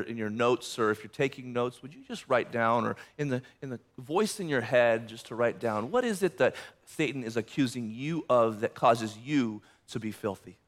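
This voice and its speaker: A male pastor preaching a sermon, emphatic and passionate, often repeating words as he builds momentum. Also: medium pitch.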